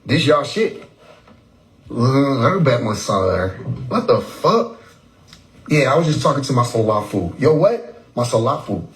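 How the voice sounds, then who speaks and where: Speaking in a sing-song, unhurried way with long pauses at medium pitch, a livestream host jokes and swears on his casual phone stream, mimicking people's pronunciations by repeating words. The recording is rough.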